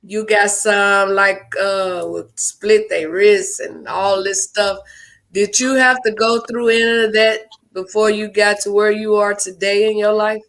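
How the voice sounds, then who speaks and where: Bright-voiced male talk show co-host. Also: high voice, level tone, a little slow, gravelly. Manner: loose, rambling, southern-style slang. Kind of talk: casual talk show chat.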